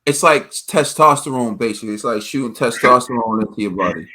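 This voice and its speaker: A man's voice: mid-range voice, lively intonation, fairly quick, sharp tone. A man hosting a casual boxing podcast, speaking casually and hesitating over hard words. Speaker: podcast host.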